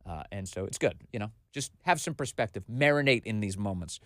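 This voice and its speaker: A man in his forties hosting a political commentary show in a studio, talking in an animated, emphatic way straight to the listener. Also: lowish voice, a little fast, dry recording. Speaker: host.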